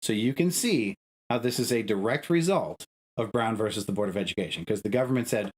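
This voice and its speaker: Young guy ranting on a podcast, swears a lot, mid pitch but spikes way up when he gets heated. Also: animated, quick pace, rough recording. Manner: profane, emphatic, arguing with rising pitch. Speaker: podcast co-host. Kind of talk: heated casual podcast rant.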